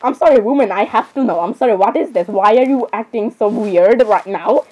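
A woman's voice: medium pitch, brisk, warm tone, muffled recording. A teenage girl casually reacting and commenting, rambling and saying sorry over and over with giggles. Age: teens. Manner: chatty, rambling, keeps apologizing with giggles.

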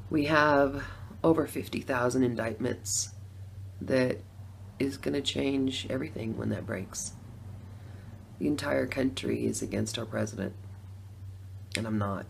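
A middle-aged woman telling her own story in a chatty testimonial vlog, laughing between lines and swinging from hushed to loud. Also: a bass voice, a little slow, creaky, pauses often, a little hiss or hum.

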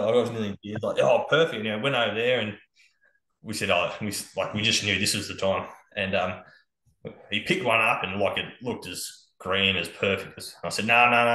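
A man's voice: fairly low pitch, pushed and bright, reverberant, poor audio. An Australian man telling hunting-camp stories as a podcast guest, laid-back and swearing freely. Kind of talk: casual storytelling on a podcast.

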